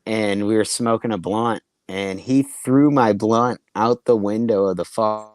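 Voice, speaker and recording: A man's voice: lowish voice, fairly even intonation, unhurried, a little mellow, no room sound. A young man who is a comedian, telling rambling, profane anecdotes in casual chat and acting out the quotes. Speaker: comedian, podcast co-host.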